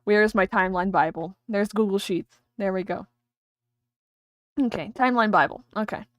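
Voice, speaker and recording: A woman's voice: medium pitch, normal speed, fairly bright tone, dry recording. Chatty woman streamer, dry sound. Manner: chatty, rambling, thinking aloud. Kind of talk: casual livestream chat while drawing.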